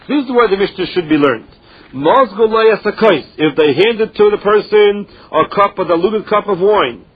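A man's voice: high-pitched, breathy edge. A man teaching a Talmud lesson, reading the text in a study chant and explaining it in English. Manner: mixes Aramaic and Hebrew terms into English, explaining in a chanting study rhythm. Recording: dull lo-fi recording.

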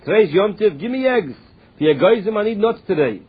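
In a fairly quick, animated way, a man leads a Talmud class, translating the text into English and restarting his phrasing often. His voice sits high and is slightly rough, and the recording has a tinny phone-line quality.

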